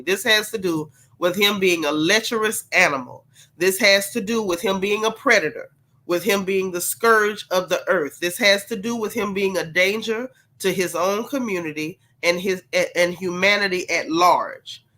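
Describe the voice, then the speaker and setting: A woman's voice: lowish voice, fairly bright tone. A woman with a congested, sick voice hosting a gossip livestream, talking straight to her chat and stressing her points by repeating them. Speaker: gossip channel host. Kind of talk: livestream commentary.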